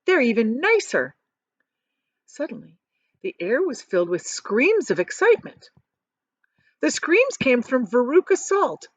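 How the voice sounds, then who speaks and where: A woman teacher reading a storybook aloud with expressive delivery and chatty asides. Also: high voice, a little slow, no echo, lo-fi sound.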